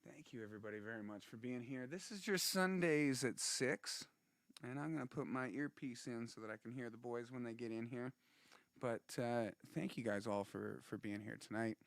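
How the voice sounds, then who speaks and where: A man's voice: mid-range voice, normal speed, gravelly, no room sound. A man hosting a casual livestream, rambling and laughing, restarting his sentences often. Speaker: host and musician.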